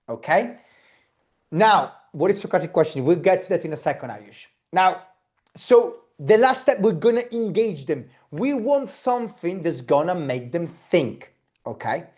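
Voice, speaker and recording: A man's voice: high voice, a little mellow. Guy running a sales class, voice bounces up and down a lot, blunt, swears, keeps asking okay?. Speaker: sales trainer.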